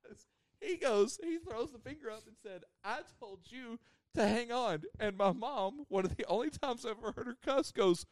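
A man's voice: very high-pitched, lively intonation, normal speed, no room sound, clean studio sound. A man, telling a rambling story on a podcast with lots of laughter. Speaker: podcast host. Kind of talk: casual storytelling.

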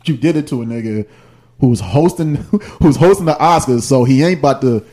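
A man's voice: medium pitch, moderate pace, crowd noise. A man co-hosting a casual podcast chat, laid-back and drawling, with many fillers. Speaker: podcast co-host.

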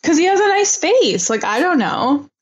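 A woman's voice: very high-pitched, big pitch swings, normal speed, highs cut off. Chatty, enthusiastic woman podcast co-host. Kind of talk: casual chat.

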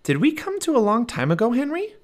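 A man voicing an eager, curious, fearless young girl in a storybook reading, with a high and bubbly delivery. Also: huge pitch swings, fairly quick, exaggerated voice. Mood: coaxing.

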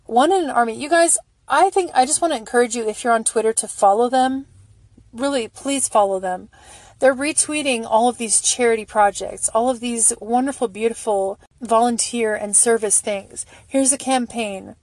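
Gushing middle-aged woman, bright and dry. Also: fairly high pitch, no echo. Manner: emotional, gushing, reads posts aloud slowly. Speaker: fan vlogger reading charity posts. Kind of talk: casual on-screen commentary.

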